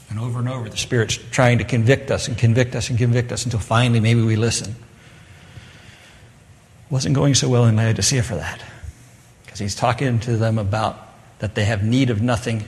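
Male preacher, mid-pitched, casual sermon delivery with forceful scripture readings, reverberant hall. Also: fairly even intonation, normal speed, long pauses, a little hiss or hum. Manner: conversational, switching to loud emphatic scripture reading. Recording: long echo of a large hall.

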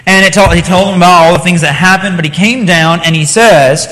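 Male preacher, slightly raised pitch, conversational sermon, reverberant hall. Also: brisk, fairly bright tone. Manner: earnest, conversational with fillers, reads scripture aloud.

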